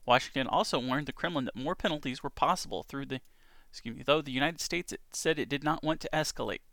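A man's voice: mid-range voice, fast, vocal fry, a bit bright, no room sound. A man hosting a casual news show from home, reading headlines and adding chatty asides. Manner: chatty, reads headlines with asides and small laughs. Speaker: podcast news host. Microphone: home recording setup.

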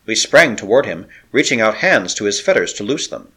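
A man's voice: lowish voice, very animated, brisk, a bit bright, husky. A man narrating an adventure story with a dramatic, varied delivery. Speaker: audiobook narrator.

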